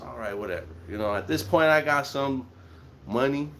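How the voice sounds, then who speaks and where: A man's voice: medium pitch, a little fast, a little hiss or hum. A young man telling a casual, profane story and acting out the lines of the people in it. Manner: profane, animated, acts out quotes.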